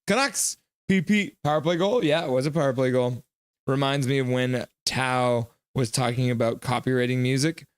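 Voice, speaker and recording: A man hosting a live hockey reaction stream, reading chat messages aloud, joking and reacting loudly to goals. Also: medium pitch, no room sound, studio quality. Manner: excitable, reads chat aloud and jokes.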